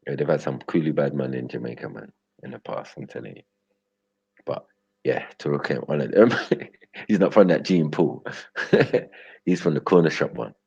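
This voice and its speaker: Very deep gravelly man, lo-fi. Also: normal speed, darkish tone, no echo. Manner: street slang, rambling, laughs often. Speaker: livestream host. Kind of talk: loose live-stream banter with chat. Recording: dull lo-fi stream audio.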